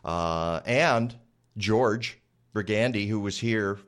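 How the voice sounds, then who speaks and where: Male radio host, low-pitched, casual and rambling, studio. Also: takes it slowly, fairly bright tone. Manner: chatty, rambling with many fillers.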